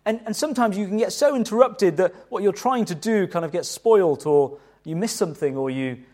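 Middle-aged male pastor, slightly high and very expressive delivery, chatty, conversational sermon. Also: fairly quick. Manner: animated, conversational preaching with restarts and rhetorical questions.

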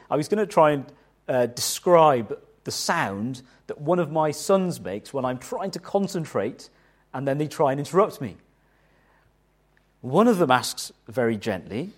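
A middle-aged male pastor preaching with a lively, swooping voice that sits a little high for a man. He talks to the congregation conversationally, restarting phrases and asking rhetorical questions. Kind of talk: sermon.

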